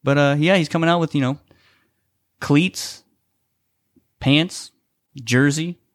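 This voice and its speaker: A man's voice: fairly high pitch, slow. A man co-hosting a casual podcast, calling a joke wrestling game with lots of laughs. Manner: jokey, animated, laughs often. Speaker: co-host. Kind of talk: casual play-by-play banter.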